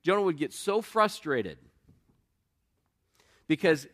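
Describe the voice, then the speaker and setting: A middle-aged male pastor delivers his sermon in an earnest, conversational manner. His voice sits a little higher than most men's. He moves easily between rhetorical questions and personal stories. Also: big pitch swings, slow, fairly bright tone.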